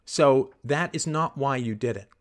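A man hosting a call-in advice show, scripting a confrontation in forceful, indignant tones with rapid rhetorical questions and swearing. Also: medium pitch. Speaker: host.

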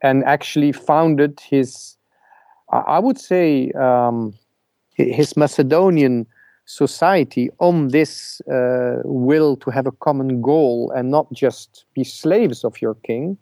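A man calling in to a talk show who speaks haltingly, restarting words often as he searches for the right phrasing. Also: mid-range voice, dark tone, no echo. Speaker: caller. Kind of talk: casual call-in conversation.

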